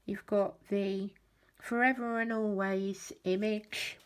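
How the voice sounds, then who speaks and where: A woman's voice: medium pitch, steady tone, takes it slowly, smooth. A woman hosting a papercraft channel, narrating a walkthrough of her handmade cards and album in a friendly show-and-tell way. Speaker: craft channel host.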